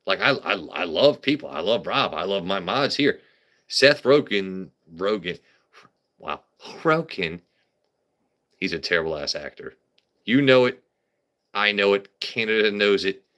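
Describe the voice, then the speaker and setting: Bright-voiced man riffing on a livestream. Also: low voice, lively intonation, unhurried, long pauses. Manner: rambling, riffing with stammered restarts. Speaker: livestream host. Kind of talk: casual livestream comedy chat.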